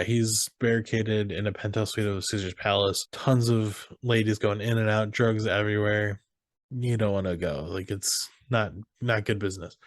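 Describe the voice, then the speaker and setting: A man's voice: lowish voice, no echo, clean studio sound. A man co-hosting a podcast, casually retelling movie scenes and quoting the characters' lines. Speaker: podcast co-host. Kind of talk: casual movie recap chat.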